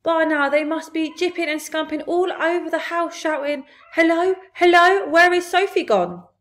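Storybook giant, male, old, kindly, jumbled grammar, high and loud; a woman reader puts him on. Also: level tone, normal speed, natural voice. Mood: worried. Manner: muddled grammar, warm-hearted exclamations.

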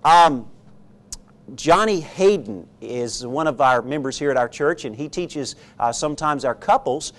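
A man's voice: mid-range voice, lively intonation, a little slow, fairly bright tone. A man pastor delivering a sermon, emphatic and rhetorical, often checking in with the congregation. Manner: emphatic, rhetorical, frequent "okay?" check-ins.

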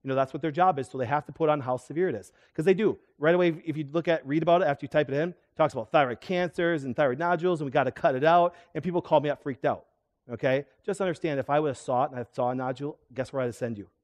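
A middle-aged chiropractor on the high side of the pitch range speaks at a quick pace during a live health seminar. Animated, he keeps asking the audience questions as he lectures.

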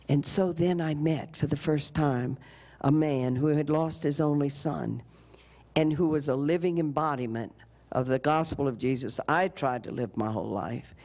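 An older woman giving a storytelling lecture at a college, animated, slipping into the voices of the people in her story. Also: sits low. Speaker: keynote speaker.

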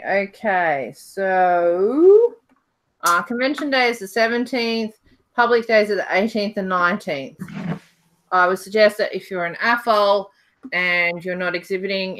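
Sitting on her couch at home, this Australian woman runs a casual livestream, chatting away, reading out questions from viewers, and laughing a lot. Her voice sits in the mid range and has a slightly bright quality.

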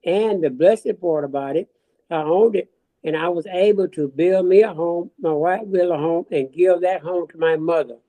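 A man in his seventies from the American South giving a personal testimony, earnest and halting, with frequent restarts. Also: a little high, warm tone, poor audio. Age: 70s. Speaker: church member giving testimony.

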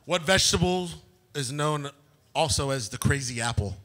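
A man's voice: on the high side, normal speed, a bit bright. A man reading out trivia questions at a live club night, hyping the players up by repeating himself. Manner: hyped, repetitive quizmaster. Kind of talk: live event banter. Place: comedy nightclub.

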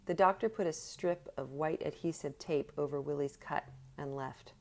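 Woman, audiobook narration, low voice, steady delivery. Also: moderate pace, hardly any pauses. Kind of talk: scripted narration.

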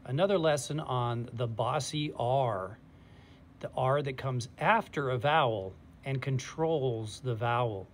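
A man teaching a phonics lesson to young readers, patient and deliberate, stretching out sounds and repeating each word. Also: mid-range voice, a little hiss or hum. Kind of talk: slow, clear instruction for young readers.

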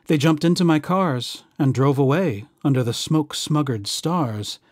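A man's voice: on the high side, darkish tone, no echo. Guy reading a kids rhyme book aloud, bouncy rhythm, dry close mic. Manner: bouncy, rhythmic rhyming delivery. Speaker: storyteller.

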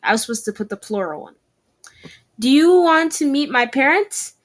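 In an expressive, high voice at normal speed, a young woman casually vlogs about learning a language, repeating practice phrases aloud and fixing her mistakes as she goes.

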